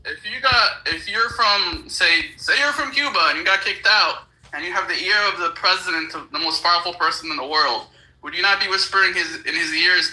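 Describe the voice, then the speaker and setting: A man's voice: sits high, fairly quick, bright, forceful tone, low-quality recording. A man co-hosting a podcast, arguing politics in a blunt, profane, insistent way. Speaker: podcast co-host. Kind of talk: heated political debate.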